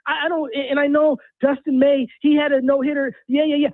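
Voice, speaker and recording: A man's voice: very high voice, flat delivery, a little fast, no room sound. A man calling in to a sports radio show, ranting in a fired-up, exasperated way. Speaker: caller. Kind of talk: heated sports radio call. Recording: tinny phone line.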